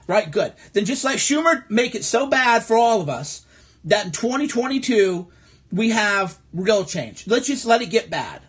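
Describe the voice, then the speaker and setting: A man from the American Midwest delivers an angry, profane livestream rant into his phone. His voice sits high for a man, and he hammers his points through sarcastic repetition. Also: sing-song, normal speed, slightly rough. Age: adult. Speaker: livestream host. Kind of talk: ranting political livestream monologue.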